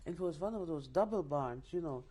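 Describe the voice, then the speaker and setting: Older woman, mellow voice. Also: deep voice, animated, brisk, husky. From Czechoslovakia. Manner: vivid storytelling with restarts and asides. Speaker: interviewee, Holocaust survivor. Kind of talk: oral history testimony.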